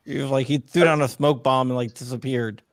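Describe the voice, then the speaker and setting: A man's voice: mid-range voice, fairly even intonation, brisk, no echo. Man reading chat on a dry stream. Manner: reads viewer chat aloud, joking. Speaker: host.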